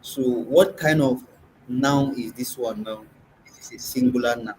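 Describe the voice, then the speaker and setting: A man's voice: medium pitch, a little slow, darkish tone, slight background noise, rough recording. Nigerian man teaching a live class. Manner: patiently quizzes the class, repeats sounds aloud. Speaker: language workshop teacher. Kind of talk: in-person classroom lesson. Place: classroom or meeting room.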